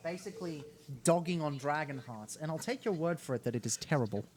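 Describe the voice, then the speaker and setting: A man's voice: a little high, animated, fairly quick, crowd noise. A man in a casual podcast chat, teasing the others with dry jokes.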